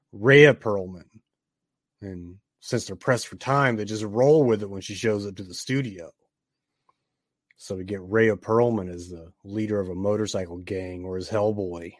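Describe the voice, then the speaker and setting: Southern man, Tennessee-raised, low voice, dry close sound; wisecracking film reviewer with offhand jokes. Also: no echo. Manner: wisecracking, joking asides, drawn-out emphasis. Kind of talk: casual movie review commentary.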